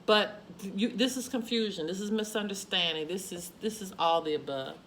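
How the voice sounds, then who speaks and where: A tarot reader with a medium-pitched, fairly bright voice gives a spoken card reading for her viewers at a moderate pace. She's emphatic and repetitive, with frequent exclamations, over slight background noise.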